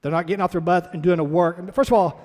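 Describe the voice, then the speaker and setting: A man's voice: high-pitched, steady tone, quick pace, a little mellow, in a large hall. A man working as a fitness trainer, giving a blunt, motivational orientation talk to a class in his studio. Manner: blunt, motivational, talks straight to the group.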